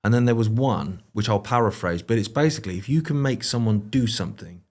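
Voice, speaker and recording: A man's voice: on the low side, brisk, darkish tone. A man with a British English accent, chatting casually as a guest, telling rambling anecdotes full of fillers and restarts. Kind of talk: casual conversational chat.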